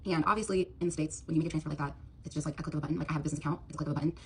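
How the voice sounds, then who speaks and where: A woman's voice: low-pitched, steady tone, rapid-fire, darkish tone, slight background noise. A young woman retelling a personal dating story, rambling and quoting the other person's words, with lots of fillers. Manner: rambling, filler-heavy retelling with quoted dialogue. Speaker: TikTok storyteller. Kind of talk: storytime monologue.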